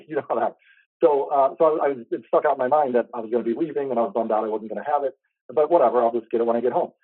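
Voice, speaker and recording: Fast-talking man on a tinny line. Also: medium pitch, dry recording. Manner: earnest, rambling storytelling. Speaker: host. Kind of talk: personal faith story in interview. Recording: tinny phone-like line, dry.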